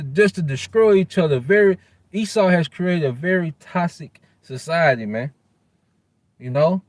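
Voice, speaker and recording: A man's voice: on the high side, a little mellow, dry recording. A man giving an informal scripture lesson. He uses loose street slang, tags "man" onto nearly every phrase, and stumbles while looking up verses. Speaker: religious teacher.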